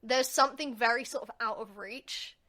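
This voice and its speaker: A young woman from England, chatting on a home podcast. Her voice is bright and fairly high, and she rambles with plenty of fillers. It sounds like an easygoing talk among friends. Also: moderate pace. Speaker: podcast co-host. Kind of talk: casual chat.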